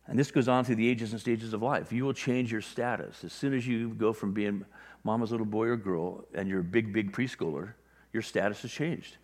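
Low-voiced male pastor in a reverberant hall. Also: normal speed. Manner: conversational, acts out little quoted voices. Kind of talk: sermon.

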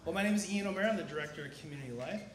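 A man's voice: on the high side, racing, slight background noise. A man giving upbeat church announcements, quizzing the congregation, while getting over a cough. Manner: energetic, asks the crowd questions. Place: large church sanctuary. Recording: echoey sanctuary, faint ambience.

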